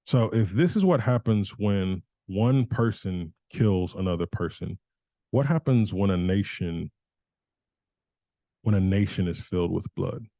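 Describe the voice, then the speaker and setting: A male Bible teacher talks through scripture informally and conversationally. He often restarts and corrects himself mid-sentence. His voice is low and mellow, and the sound is dry. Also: no room sound.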